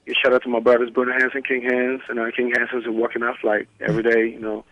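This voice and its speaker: A man talks quickly on a dry, close recording as a musician calling in to a radio interview. His tone is bright, his pitch stays level, and his delivery is laid-back and casual. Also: monotone, no room sound, highs cut off. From Nigeria. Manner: laid-back, peppers talk with "you know what I'm saying".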